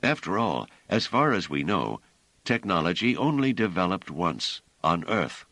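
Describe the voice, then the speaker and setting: A mild, thoughtful scholar in a storybook, reasoning gently through ideas, played by a male narrator with a deep voice. The recording is dry and close, with no room tone. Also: sing-song, unhurried, no room sound, heavily acted. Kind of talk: audiobook character voice.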